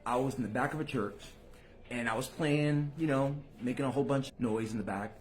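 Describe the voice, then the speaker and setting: A man hosting his own channel, talking casually to viewers in street slang. He swears freely and swings between low mutters and loud bursts. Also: brisk, faint music behind. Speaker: channel host.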